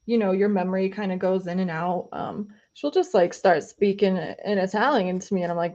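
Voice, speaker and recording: A woman's voice: medium pitch, normal speed, few pauses, darkish tone. A woman chatting casually on a live stream while she paints, reading viewer comments and talking through her pastel work with many fillers. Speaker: host of an art live stream. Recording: slightly dull, lo-fi stream audio.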